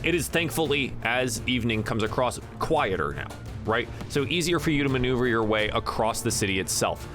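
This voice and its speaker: A man narrating as game master in a relaxed, chatty way with frequent fillers. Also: mid-range voice, fairly quick, over music.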